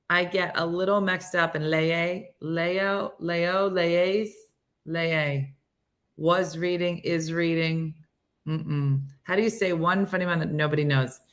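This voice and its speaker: A woman's voice: fairly low pitch, steady tone, slow pace, a bit bright. Chatty sixty-year-old woman host. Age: 60s. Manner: chatty and self-mocking, reading out comments by name. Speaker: show host. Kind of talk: casual chat reading viewer comments.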